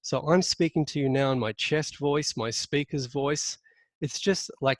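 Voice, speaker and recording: A man presenting a leadership webinar in a coaching manner, stressing key words but often pausing with ums and restarts. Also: a little high, no echo.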